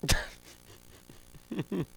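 A man's voice: extremely slow, a bit bright, no echo. Rambling man with a dry sound. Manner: rambling, laughs often. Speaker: podcast co-host. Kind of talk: casual chat.

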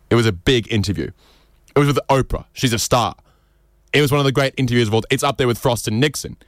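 A man doing a rambling comedic monologue, animated and jumping into mocking voices. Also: medium pitch, fast talker, no echo, clean studio sound. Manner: rambling, with fillers and restarts.

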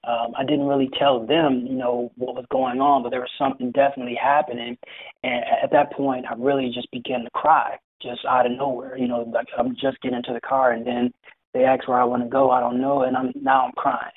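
A young man telling his own story as an interview guest, hesitant and full of fillers and restarts, with a husky voice. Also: mid-range voice, fairly even intonation, fairly quick. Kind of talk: personal story in conversation. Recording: tinny phone-like line.

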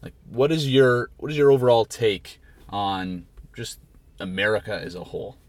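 Low-voiced man hosting a podcast. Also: animated, normal speed, no room sound. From Canada. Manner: teasing, rambling questions. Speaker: podcast host. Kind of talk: casual interview.

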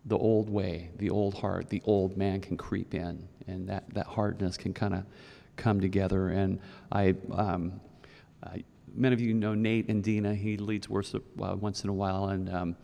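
A man preaches in a loose, storytelling way, doubling back on his words and filling pauses as he goes. His voice sits low and carries a gravelly fry. The sound rings out with the long reverb of a church hall. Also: flat delivery, mellow. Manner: storytelling, rambling with many restarts. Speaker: pastor. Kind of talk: conversational sermon. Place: church sanctuary.

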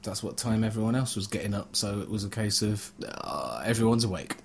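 A man hosts a casual podcast, teasing his co-host with chatty banter. His pitch swoops about animatedly as he talks. There is a faint hiss behind his voice. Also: animated, fairly quick. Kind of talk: casual chat.

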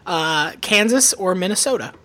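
A man co-hosting a podcast in casual chat, animated and putting on voices for mock quotes. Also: high-pitched, normal speed. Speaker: podcast co-host.

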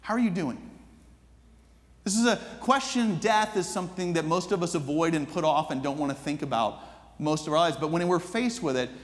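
Male pastor preaching, kinda high voice, long echo like a big church, repeats lines for build. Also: normal speed. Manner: earnest storytelling preacher with repeated, building phrases. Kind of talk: sermon.

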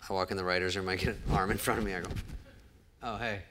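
Telling a show-business story to a live audience as a guest comedian in an onstage interview, a man acts out each line of quoted dialogue. His voice is low and steady, his delivery fast, and the background is noisy.

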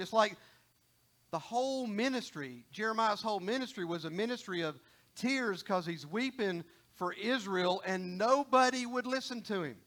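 A man's voice: sits high, sharp tone. A middle-aged man preaching a sermon in a folksy, conversational way, often repeating and restarting phrases.

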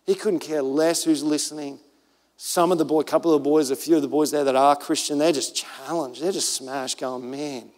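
A man with an Australian accent, preaching a sermon as pastor, telling stories in an animated way and acting out other voices. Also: on the high side, brisk. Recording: reverberant church hall.

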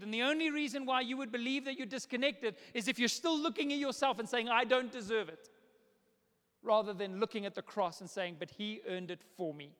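A man in his thirties, a pastor, preaching a sermon in a church auditorium in a conversational, animated way. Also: extremely high pitch. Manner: conversational, animated storytelling with laughs. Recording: long reverb of a large hall.

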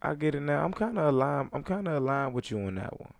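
A man's voice: a little high, very animated, fast talker, vocal fry, no echo. A man co-hosting a podcast, chatting casually in a laid-back, rambling way, with plenty of swearing. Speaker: podcast co-host. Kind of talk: casual chat.

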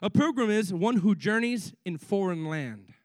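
An excitable young male preacher with a very high voice, delivering an energetic sermon full of stammered repeats and asides to the crowd. The sound is dry and close, with no room echo. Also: normal speed. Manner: excitable, repeats words, frequent asides to the congregation.

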